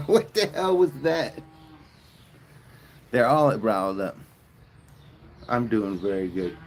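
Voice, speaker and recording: A man's voice: mid-range voice, lively intonation, measured pace, long pauses, darkish tone, a little hiss or hum. A man hosting a live stream outdoors on a farm, chatting casually with viewers and telling crude, joking, rambling stories. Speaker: livestream host. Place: outdoors on a farm with cows nearby.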